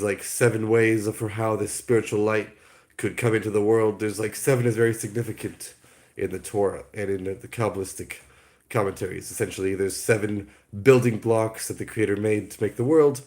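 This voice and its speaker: A man's voice: lowish voice, a little mellow. A man giving a casual spoken teaching, out of breath and coughing, with a clogged throat. He often restarts and corrects himself mid-sentence. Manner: rambling, self-correcting, uses "like" often. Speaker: speaker explaining holiday teachings.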